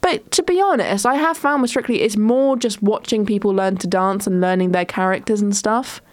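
A woman's voice: medium pitch, moderate pace, no echo. A young woman, hosting a casual solo chat show, rambling with lots of ums and restarts. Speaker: podcast host.

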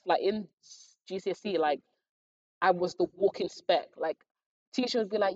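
A young woman, telling her own exam story in a casual, animated way and acting out her thoughts. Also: lowish voice, normal speed, dry recording, muffled recording. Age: young adult. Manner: animated, acts out her own thoughts and others' lines with slangy asides.

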